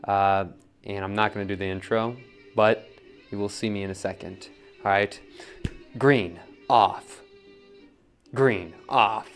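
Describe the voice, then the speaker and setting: A young man casually teaching wheel throwing, coaching in a relaxed way and often checking in with "right?". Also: lowish voice, slow, long pauses, faint music behind. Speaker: pottery teacher.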